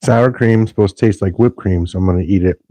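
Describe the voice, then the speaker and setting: A man's voice: fairly low pitch, fast talker, warm tone, no room sound. A man chatting casually on a podcast, making dry, blunt remarks and teasing his friend. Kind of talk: casual chat.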